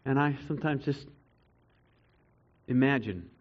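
A man preaching a sermon to a congregation, earnest, swinging between loud emphatic stretches and quiet reflective ones. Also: medium pitch, measured pace, muffled recording. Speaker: pastor.

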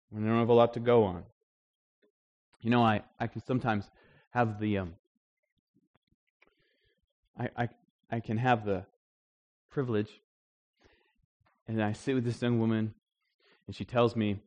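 A man preaching a sermon in a conversational, animated storytelling way, with frequent restarts. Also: mid-range voice, moderate pace, long pauses. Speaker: pastor.

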